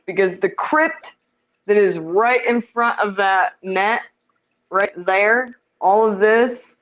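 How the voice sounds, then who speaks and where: A woman's voice: medium pitch, dull audio. A woman giving a casual tour of the fish tanks in her home, chatty and self-deprecating, laughing easily.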